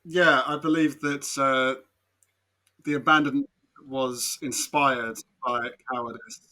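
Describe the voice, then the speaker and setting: A man's voice: mid-range voice, fairly even intonation, slow pace, sharp tone. A man co-hosting a podcast, pressing mock-formal accusations in a playful court segment. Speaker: podcast co-host acting as accuser.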